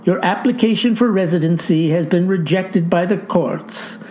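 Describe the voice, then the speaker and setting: A woman voicing a gentle adult male director in a storybook read-aloud, raising her pitch a little. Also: normal speed, natural voice.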